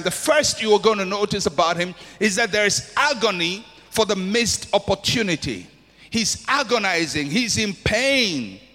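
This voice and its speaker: Impassioned high-voiced male preacher. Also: sharp tone. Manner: impassioned, repetitive preaching cadence. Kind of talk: sermon. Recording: long hall reverb.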